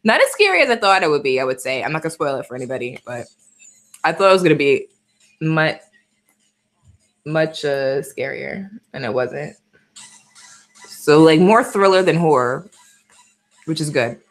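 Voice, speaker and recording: A woman's voice: low-pitched, very animated, moderate pace, pauses often, soft background music. A woman in her twenties from the Bronx with a light New York accent, chatting casually and laughing a lot on a live stream. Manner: chatty, laughs often, reads viewer comments. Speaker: livestream host.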